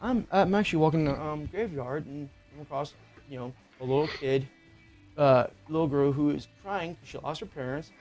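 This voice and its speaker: A man's voice: on the high side, normal speed, a little mellow, highs cut off, soft background music. A middle-aged man co-hosting a casual talk show, telling a personal ghost story in a rambling, profane way with lots of filler words. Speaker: podcast co-host.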